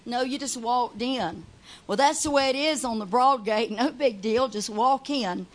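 Woman lay preacher, high voice, fervent shouted sermon with hallelujahs and "God, Lord" prayer cadence. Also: normal speed. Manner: prays with constant "God, Lord" interjections. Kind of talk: Pentecostal-style sermon and prayer.

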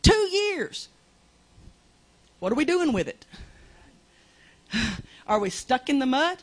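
A woman's voice: high-pitched, big pitch swings, slow. A woman preaching a fervent, conversational sermon in a small church.

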